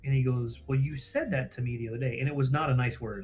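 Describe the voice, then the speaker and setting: A man's voice: medium pitch, steady tone, fast, few pauses, darkish tone, breathy edge. A man casually telling a story on a livestream, acting out quoted dialogue, swearing freely and laughing at himself.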